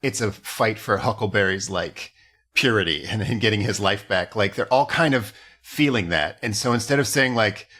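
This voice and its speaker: A man co-hosting a comedy podcast, making deadpan jokes. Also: on the low side, moderate pace, husky. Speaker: podcast co-host.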